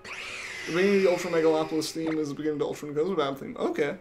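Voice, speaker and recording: A man's voice: on the high side, racing, over music. A young man streaming a game, reading his chat aloud and answering viewers in a casual way.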